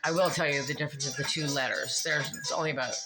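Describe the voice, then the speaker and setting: A woman's voice: deep voice, steady tone, fast talker, loud music behind the voice, rough recording. A woman vlogger telling a meandering personal story, drifting between English and French with many fillers. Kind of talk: rambling personal storytelling vlog.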